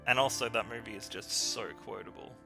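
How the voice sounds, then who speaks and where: Gravelly male gamer, lively storyteller, laughs a lot, game music in the background. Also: mid-range voice, a little fast. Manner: animated storyteller, laughs often, acts out quotes. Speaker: let's play co-host. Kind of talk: casual chat over gameplay. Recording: music bed behind voice.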